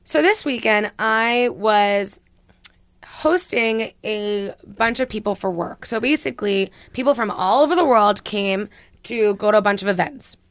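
A young woman co-hosting a podcast, telling a story with lots of fillers and a slightly hoarse voice. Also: mid-range voice, measured pace, no room sound. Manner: animated storyteller, many fillers. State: hoarse after a late night. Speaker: podcast co-host. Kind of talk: casual chat, storytelling.

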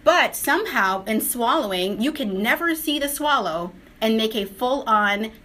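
A woman leading a casual clinical panel discussion, probing the others with quick questions. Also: on the high side, animated, sharp tone. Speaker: discussion leader.

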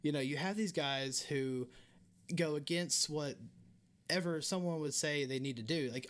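Young man, Southern accent, podcast host, fairly high voice, rambling, lots of fillers. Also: normal speed, fairly bright tone. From American South. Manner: rambling, many restarts and fillers. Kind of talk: casual interview.

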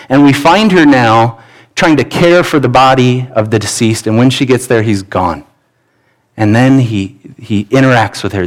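A man's voice: medium pitch, rough recording. Male pastor, mid-range voice, preaching earnestly in church with a pleading tone. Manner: earnest, pleading, with repeated restarts. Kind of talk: sermon. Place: church sanctuary.

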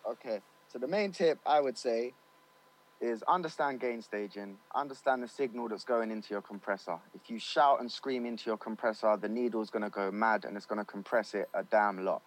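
A man's voice: fairly low pitch, a little fast, poor audio. A man, a studio owner and recording engineer, talking loosely in an interview with lots of fillers and slang. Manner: loose and chatty, slangy, many fillers like "you know what I mean". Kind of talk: casual interview chat.

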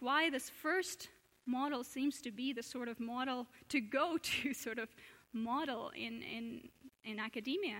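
A woman's voice: sits high, sharp tone. A woman giving an earnest public lecture at a church, asking questions and often restarting her sentences. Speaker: speaker giving a talk at a church. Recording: long hall reverb.

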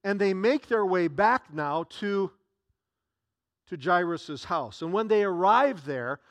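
High-voiced man preaching a sermon. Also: expressive, slow pace, fairly bright tone, dry recording. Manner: earnest preaching with repeated restarts. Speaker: pastor.

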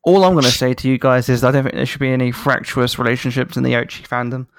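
A man's voice: mid-range voice, fairly even intonation, fast, dry recording, studio quality. A man co-hosting a podcast, joking in a drawling, casual way. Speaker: podcast co-host. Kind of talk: casual chat.

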